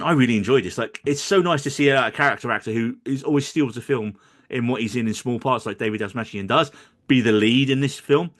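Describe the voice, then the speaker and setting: A man's voice: mid-range voice, a bit bright. A man co-hosting a podcast, chatting casually about films in a jokey way and tripping over names. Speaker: podcast co-host. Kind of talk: casual film review chat.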